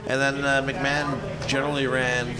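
A man's voice: mid-range voice, little pitch movement, moderate pace. A man from Canada, a guest musician chatting easily and knowledgeably. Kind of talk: casual chat. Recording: crowd chatter behind.

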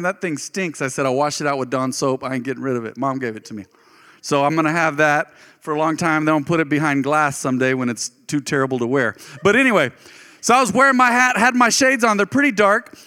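A man delivers a sermon laced with homespun storytelling, his voice high and bright. He gets animated and jumps upward when excited, and the room carries a long hall reverb behind him. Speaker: pastor.

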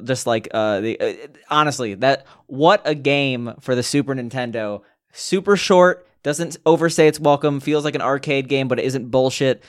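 A young man chatting casually on a podcast, his voice sitting at an ordinary middle pitch. He rambles through his thoughts, stopping and restarting as he goes. His delivery swings between excited bursts and quieter asides. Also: normal speed, hardly any pauses. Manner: rambling, animated, frequent restarts and fillers. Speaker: podcast co-host. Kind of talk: casual chat.

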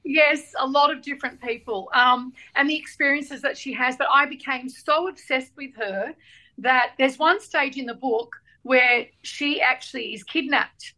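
Guest author: a high-pitched Australian woman, animated and chatty, acting out the people in her stories. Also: a little slow, rough recording. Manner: animated storyteller, acts out voices in anecdotes. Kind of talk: casual chat.

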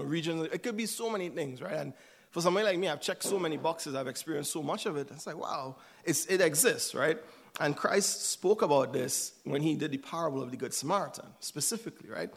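A man's voice: fairly high pitch, vocal fry. A man giving a sermon in a conversational way, often checking in with "right?". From United States. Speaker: church speaker.

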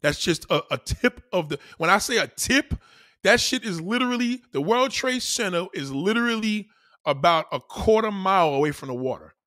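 A man's voice: sits high, animated, normal speed, sharp tone, dry recording, clean studio sound. A young man with a New York accent, ranting casually, bluntly and with lots of profanity, hammering his points by repeating them. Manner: blunt, profane, emphatic with repetition. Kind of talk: casual rant.

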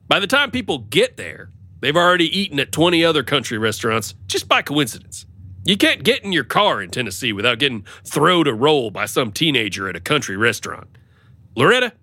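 A man chatting on a comedy podcast, his pitch bouncing all over the place. His voice is bright and forward, and the recording is close and dry with no room sound. He stays playful and keeps breaking into silly voices. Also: no room sound. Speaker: podcast co-host. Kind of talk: casual comedic chat.

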